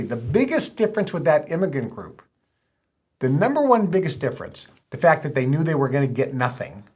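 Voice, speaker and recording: A man's voice: fairly high pitch, slightly rough. A man speaking in an emphatic, lecturing way. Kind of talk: speech.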